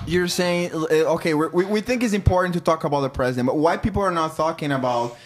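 A man's voice: on the high side, fast. A man from Brazil with a Brazilian Portuguese accent, chatting casually and animatedly, often swearing and repeating himself. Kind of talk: casual chat.

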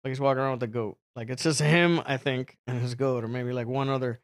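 A man's voice: mid-range voice, steady tone, fast. A man telling rambling, crude stories in casual chat, laughing often. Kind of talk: casual profane storytelling.

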